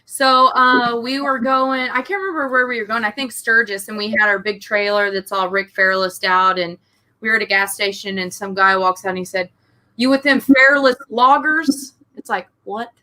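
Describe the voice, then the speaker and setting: A woman's voice: medium pitch, flat delivery, a little fast, sharp tone, poor audio. A woman co-hosting a casual interview, asking questions and telling a rambling story. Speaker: co-host.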